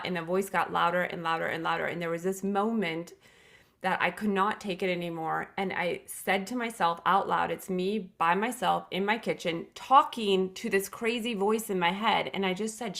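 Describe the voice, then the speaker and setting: A woman's voice: lowish voice, steady tone, moderate pace, gravelly, fairly bright tone. A middle-aged woman, a podcast guest, telling a personal story in an earnest, reflective way with emphatic restarts.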